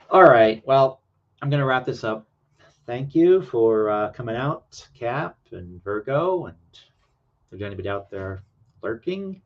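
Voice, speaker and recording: A man hosts a relaxed livestream, meandering from thought to thought with plenty of ums and restarts. His voice sits at a middling pitch. The audio is a little dull and low-fi. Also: slow pace, long pauses. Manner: rambling, hesitant, many fillers. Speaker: livestream host. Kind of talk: casual livestream chat.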